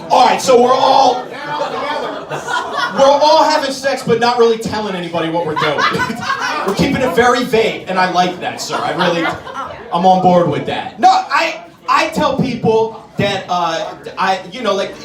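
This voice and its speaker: A man doing live stand-up comedy in a comedy club, talking directly to the crowd in an animated way. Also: sits high. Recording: roomy club, distant mic, crowd laughter.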